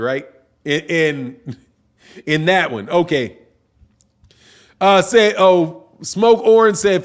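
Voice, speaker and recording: Middle-aged male stream host, high-pitched, loose and slangy, rambles through viewer comments. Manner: reads chat comments aloud, slangy and rambling. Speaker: boxing channel host. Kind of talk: casual livestream chat.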